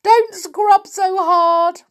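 A woman's voice: very animated, slow pace, exaggerated voice. A woman voicing a bold, naughty rag doll girl who squeals and wails. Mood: wailing. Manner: high squealing, sobbing wails.

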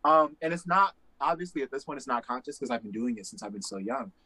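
A young man from Indiana in casual conversation, talking emphatically with quick asides. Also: mid-range voice, expressive, pushed and bright, dry recording, low-quality recording. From Indiana, USA.

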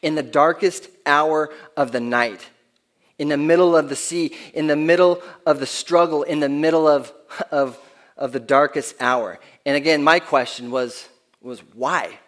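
A man's voice: fairly high pitch, unhurried. A man preaching a sermon in an earnest, conversational way, often restarting his phrases, who speaks of his own kids. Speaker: pastor.

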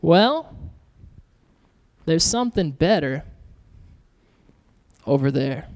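A man's voice: a little high, a little mellow, pitched below the performer's own voice. A man voicing a sly, coaxing serpent. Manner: coaxing, insinuating.

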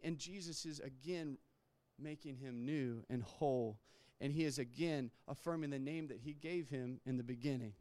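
A man's voice: medium pitch, normal speed, warm tone, no echo. A man preaching a sermon in a conversational way, restarting words and acting out quotes. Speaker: pastor.

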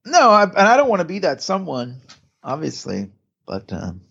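Lively, rambling man on a lo-fi podcast. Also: fairly high pitch, normal speed, gravelly, crowd noise. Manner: rambling, lots of restarts and laughter. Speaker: podcast co-host. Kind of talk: casual chat recapping a TV episode.

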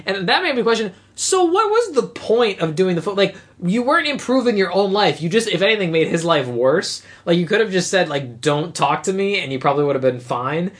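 A woman co-hosting a casual podcast, recapping a movie in a rambling way and acting out the characters' lines. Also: lowish voice. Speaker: podcast co-host.

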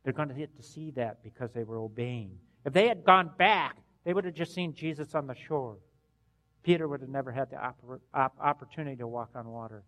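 A man's voice: mid-range voice, brisk. Man preaching in a reverberant hall. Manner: earnest preaching with sudden loud bursts and hushed endings. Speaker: pastor. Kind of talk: sermon.

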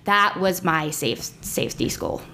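A woman's voice: low voice, animated, a little slow, vocal fry, pushed and bright, slight background noise. A young woman from New Jersey co-hosting a casual comedy podcast, chatty and self-deprecating as she explains things. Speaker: podcast co-host and player.

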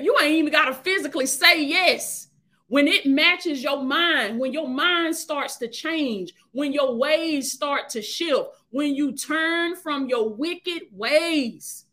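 High-voiced woman preaching with repeated exhortations. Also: fairly bright tone. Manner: call-and-response exhortation, repeats phrases. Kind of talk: live-streamed sermon.

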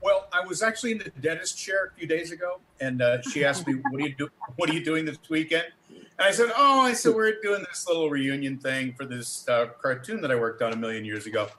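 A man's voice: a little high, expressive, fairly quick, noisy background. A man who voiced a cartoon character, telling an anecdote on a group video call and acting out both sides of the dialogue. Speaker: cartoon voice actor at a cast reunion.

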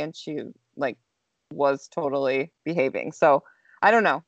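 A woman's voice: sits low, brisk, dry recording. A young woman and mother chatting casually on a podcast, telling a story with lots of "like" fillers. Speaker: co-host, mother. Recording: slightly dull, dry sound.

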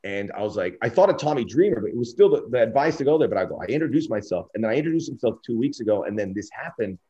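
A man's voice: medium pitch, very animated, rapid-fire, warm tone, slightly rough. A middle-aged man, a sports broadcaster, giving a candid interview and telling anecdotes while acting out quoted dialogue. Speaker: sports broadcaster, podcast guest. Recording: dull lo-fi audio.

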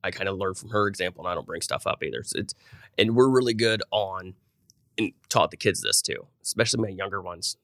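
A man's voice: deep voice, a little fast, fairly bright tone, no room sound, studio quality. A middle-aged man, a podcast guest and business owner, telling personal stories in an earnest, rambling way with many restarts. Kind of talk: casual conversational interview.

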